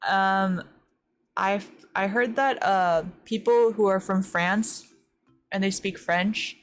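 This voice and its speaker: A young American woman from the West Coast, streaming a game and chatting casually, full of "like" fillers and quick gasps and squeals. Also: mid-range voice, soft background music. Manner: chatty, says "like" a lot, startled gasps and squeals while playing. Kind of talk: casual chat while gaming.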